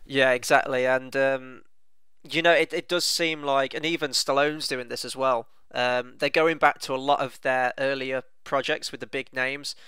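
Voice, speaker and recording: A man's voice: mid-range voice, steady tone, moderate pace, pushed and bright, clean tone, dry recording. A man co-hosting a casual film review, chatting enthusiastically with plenty of "you know" fillers.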